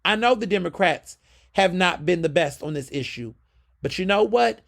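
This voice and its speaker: A podcast host launches into a fiery, profane political monologue, lively and emphatic. His voice is high-pitched and gravelly, moving at a normal speed.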